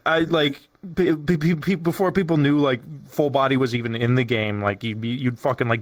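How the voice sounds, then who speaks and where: A man hosting a casual podcast, telling stories in an animated way and swearing often. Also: mid-range voice, a little fast, few pauses, no echo. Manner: animated, profane storytelling. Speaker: podcast host. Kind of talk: casual chat. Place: streaming setup.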